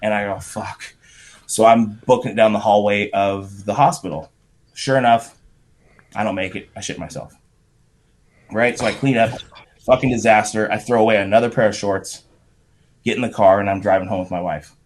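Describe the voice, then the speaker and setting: A man's voice: lowish voice, moderate pace, long pauses. Profane man telling a wild story. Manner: profane, animated anecdote with shouted quotes. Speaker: podcast guest. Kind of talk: casual storytelling.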